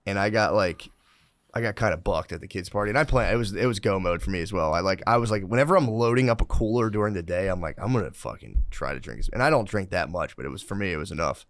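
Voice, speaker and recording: A man in his thirties co-hosting a podcast, telling rambling, profane stories and now and then breaking into loud yelled impressions of himself. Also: on the low side, quick pace, no room sound. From Philadelphia area. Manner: profane, storytelling, bursts into yelling impressions. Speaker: podcast co-host. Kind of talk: casual chat.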